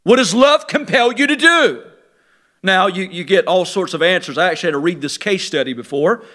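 A man preaching a sermon, animated, swinging between loud emphatic bursts and low quiet asides. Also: a little fast.

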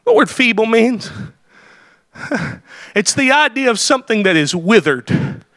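A man preaching a fervent sermon who often shouts and opens phrases with "oh.". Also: very high voice, very animated, measured pace, no echo. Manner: impassioned, often shouting, frequent "oh" interjections.

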